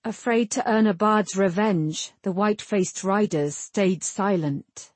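A woman narrates a fantasy audiobook in a steady, measured way. Her voice is mid-pitched and a little husky, recorded dry and close. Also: no echo.

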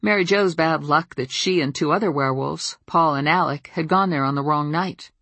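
A woman reading a first-person story aloud, calm, wry and measured. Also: low-pitched, no room sound. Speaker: audiobook narrator. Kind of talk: first-person scripted narration.

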